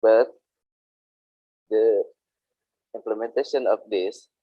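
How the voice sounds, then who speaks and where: A man teaching workplace English online, explaining slowly with frequent hesitations and repetitions. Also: on the low side, steady tone, husky, no room sound. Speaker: English instructor. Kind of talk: online vocational English lesson. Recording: dull lo-fi sound.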